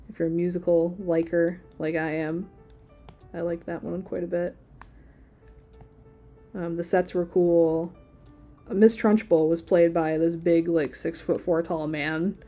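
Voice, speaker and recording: A woman's voice: fairly low pitch, dark tone. A woman in her thirties, chatting casually while she draws during a live stream. She rambles and uses a lot of filler words. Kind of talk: casual chat while drawing.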